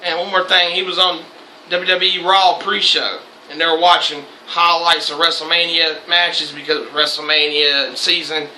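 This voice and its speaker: Young man, host, casual chat, sharp bright tone, roomy echo. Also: fairly high pitch, little pitch movement, moderate pace, a little hiss or hum. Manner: loose, swearing, laughs often. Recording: echoey room.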